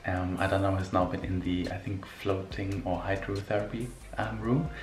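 A man vlogging in a relaxed, chatty way, full of ums and small laughs, speaking outdoors in a park. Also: low voice, normal speed, reverberant. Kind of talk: casual vlog talk.

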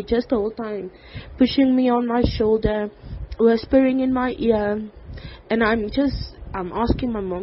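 A woman giving a personal faith testimony, in a halting way with many "like"s and "um"s. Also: on the high side, fairly even intonation, a little hiss or hum. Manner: halting, with frequent "like" and "um". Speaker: testimony speaker. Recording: dull lo-fi recording.

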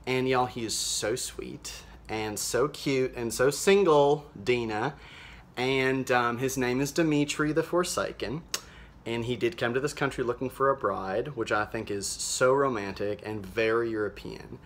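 A chatty, naive small-town mom, played by a man, rambles through a deadpan comic monologue in a mid-pitched voice. The voice is folksy and chirpy, full of fillers, with a faint hiss of noise behind it. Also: unhurried, close to an everyday voice. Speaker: social media show host character.

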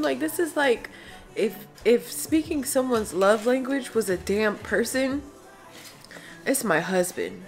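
A woman's voice: on the high side, expressive, unhurried, faint music behind, rough recording. A woman in her thirties vlogging casually, gushing and emotional as she talks straight to her viewers. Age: 30s. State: teary. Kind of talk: casual travel vlog chat. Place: hotel room and terrace.

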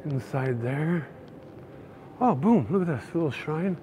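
A Canadian man narrating a casual walking tour of city streets, chatty and excitable. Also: a little high, a little slow. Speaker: vlogger. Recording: faint outdoor street noise. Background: faint traffic and street noise.

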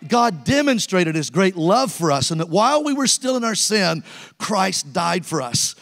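A man's voice: high voice, very animated, moderate pace, gravelly, a bit bright. Evangelist in his sixties, reverberant church. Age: 60s. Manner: storytelling preacher, calls to the congregation. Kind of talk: sermon. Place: church sanctuary.

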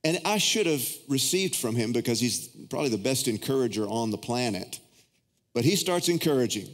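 A middle-aged man, a pastor preaching a sermon who tells personal stories and leaps into high, excited voices when acting out his prayers. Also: brisk, slight background noise. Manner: storytelling, swings into high excited acted-out prayers. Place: large church auditorium. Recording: reverberant hall.

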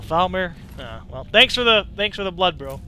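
Excitable high-voiced young gamer guy. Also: moderate pace, a little hiss or hum. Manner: rambling, profane, excitable. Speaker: let's play gamer. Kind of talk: casual gameplay commentary.

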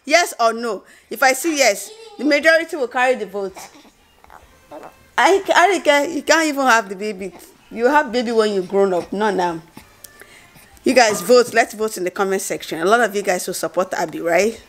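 Mom vlogger, thirties, chatty to camera, a bit high. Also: female voice, expressive, normal speed, soft background music. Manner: chatty, talks to viewers directly. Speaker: family vlogger, mother. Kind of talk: casual family vlog.

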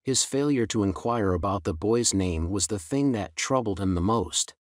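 A man narrating a scripted melodramatic story in an even, unhurried reading. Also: on the low side, no room sound, clean studio sound.

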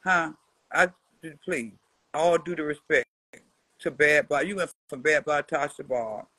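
A woman in her seventies delivering a profane trash-talking response rant to a rival. She is brash and mocking, and swings between low mutters and loud jabs. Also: a little slow, husky, dry recording, poor audio. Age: 70s. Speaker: social media personality answering a rival.

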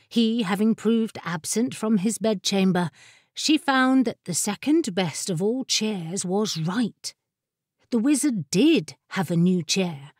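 A woman's voice: mid-range voice, dry recording. Woman narrating an audiobook, dry close sound. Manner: measured, expressive storytelling. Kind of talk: scripted narration.

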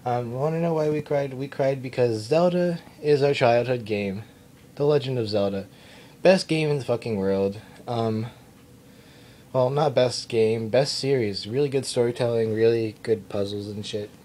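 In this casual vlog, a young man at his mom's house rambles and swears in a self-mocking way, captured by his own camera mic. He speaks at a moderate pace in a warm, mid-range voice, with a bit of hiss or hum.

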